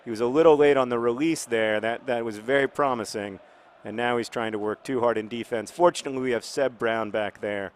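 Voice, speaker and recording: A man casually commenting on his football video game in a rambling, jokey way, breaking into excited shouts. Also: medium pitch, fairly quick, a little hiss or hum. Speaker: gaming video host.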